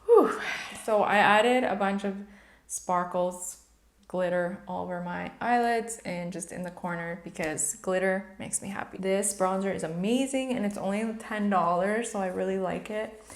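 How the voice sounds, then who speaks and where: A woman's voice: mid-range voice, moderate pace, echoey room. A woman in her thirties chatting candidly to camera while doing her makeup, opening up about personal matters. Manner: candid, chatty, emotional at times. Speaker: beauty vlogger.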